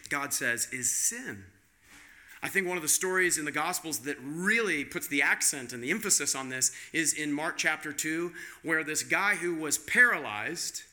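Male pastor, slightly high voice with a very bright edge; conversational sermon built on rhetorical questions.

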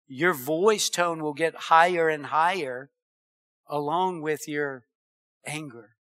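A middle-aged man delivers a sermon in a high, ringing voice with a very bright, forceful edge. He is animated, calls the congregation for amens, and laughs at his own jokes. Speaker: pastor.

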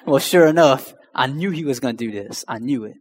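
A young man with a mid-range voice, talking a little fast, delivers his personal testimony straight to the crowd in a slangy, chatty way. His voice echoes with a long hall reverb.

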